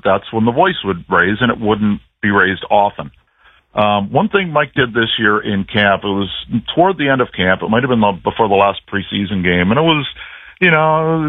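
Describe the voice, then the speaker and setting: A man's voice: medium pitch, no echo. Phone-in guest: male sportscaster, dry wry storyteller, tinny line, dead-dry sound. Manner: rambling anecdotes with restarts, dry humor. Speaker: play-by-play broadcaster, phone guest. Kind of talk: casual radio chat, storytelling.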